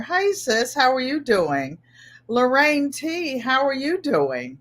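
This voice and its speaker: This Connecticut livestream host speaks in a fairly bright, somewhat high voice. The middle-aged woman keeps things casual, greeting viewers by name, talking about her week and frequently repeating her words.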